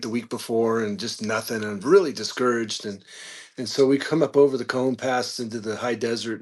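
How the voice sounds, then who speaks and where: A man guest on a podcast, telling a casual story with animated peaks and frequent fillers. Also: medium pitch. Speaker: podcast guest, reptile keeper.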